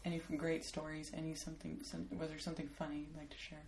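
Brief: woman podcast host, low voice, playful teasing banter, roomy sound. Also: monotone, quick pace, creaky, darkish tone, slight background noise. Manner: chatty, laughs often, playful teasing. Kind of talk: casual interview chat.

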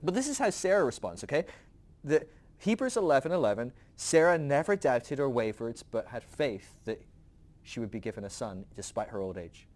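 A man's voice: medium pitch, big pitch swings, moderate pace, a little mellow. A man hosting a podcast who teaches from the Bible in a casual storytelling way, laughing often.

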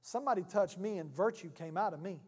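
An insistent, incredulous Jesus, voiced by a preacher in a retold story. The voice is high for a man and talks quickly. The room has a long church reverb. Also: husky. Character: exasperated Jesus, a grown man.

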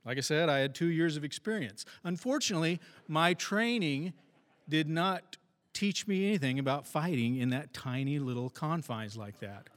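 A former police officer telling a wry, self-deprecating story about a fight on the job. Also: male voice, a little high, moderate pace, fairly bright tone, big-room sound. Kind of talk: first-person storytelling.

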